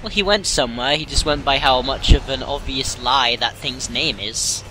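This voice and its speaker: A man's voice: medium pitch, normal speed, pushed and bright, a little hiss or hum. A man making dry wisecracks as a co-commentator on a game playthrough. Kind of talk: gaming commentary banter.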